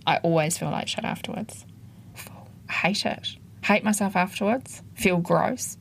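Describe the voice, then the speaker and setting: Woman stepmother, blunt, self-deprecating, gravelly fry. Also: lowish voice, measured pace. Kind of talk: candid interview clip.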